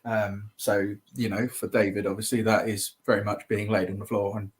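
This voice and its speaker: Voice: low voice, little pitch movement, normal speed. A host of a casual panel discussion who affirms and sums up what the guests say.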